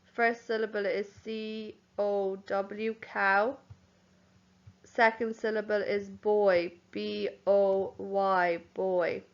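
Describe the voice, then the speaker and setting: A young woman teaching young children, speaking slowly and clearly, spelling words out letter by letter and calling them boys and girls. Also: mid-range voice, flat delivery, lo-fi sound. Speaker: primary school teacher. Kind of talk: home learning lesson for young children.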